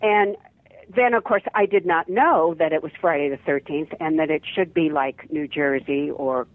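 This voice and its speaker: A woman's voice: sits low, moderate pace, dry recording. Older woman on a tinny phone line. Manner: chatty, rambling with many restarts and laughs. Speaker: actress guest. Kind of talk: casual phone interview. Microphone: telephone.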